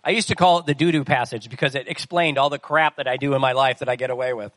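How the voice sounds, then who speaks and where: A man's voice: medium pitch, steady tone, fast talker, fairly bright tone, no room sound. A man preaching a sermon in a conversational way, asking the listeners questions as he goes. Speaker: pastor.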